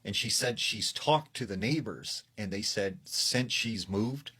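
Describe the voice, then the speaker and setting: A man's voice: fairly low pitch, unhurried, pushed and bright, husky. A man retelling a creepy story in a loose, casual way, full of "like" and "you know". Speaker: narrator of a scary story.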